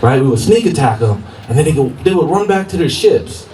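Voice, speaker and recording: A man's voice: on the high side, animated, fairly quick. A man performing a stand-up comedy set in a park, laughing through his punchlines. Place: outdoor park stage. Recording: roomy open-air sound from far mic with noise.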